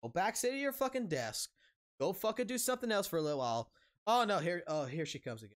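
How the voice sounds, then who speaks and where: A man's voice: sits high, big pitch swings, fast talker. A man streaming a casual rant, angry and heavily profane, blunt, repeating himself for emphasis.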